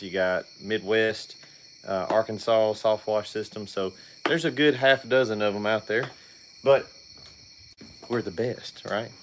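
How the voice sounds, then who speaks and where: A man's voice: lowish voice, a little hiss or hum. A man hosting a casual livestream from his back deck, laid-back and greeting viewers by name as he talks business. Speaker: washing business owner and channel host. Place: outdoor back deck at night.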